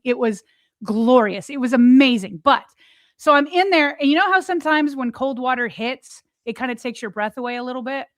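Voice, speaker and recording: A woman's voice: on the high side, no echo. A woman co-hosting a podcast, retelling a personal story in a loose chat full of fillers and quoted thoughts. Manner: animated retelling, many "like" fillers.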